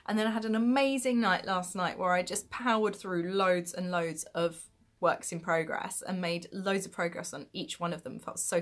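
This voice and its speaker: A woman's voice: medium pitch, fairly bright tone. A woman from the United Kingdom hosting her own podcast in a chatty, self-mocking way, laughing often. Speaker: podcast host. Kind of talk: casual chat.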